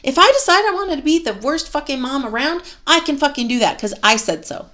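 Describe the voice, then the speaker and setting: A woman's voice: sits high, lively intonation, a little fast, fairly bright tone. A woman, a mother with a husband, giving a candid, profane motivational self-help talk as host, laughing and sighing as she goes.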